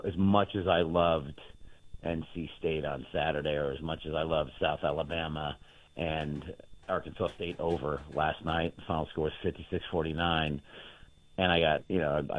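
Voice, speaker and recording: Deep-voiced man rambling over a phone line. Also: no echo. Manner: rambling, boastful storytelling. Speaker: sports betting handicapper. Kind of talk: casual chat on a show. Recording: dry, tinny phone line.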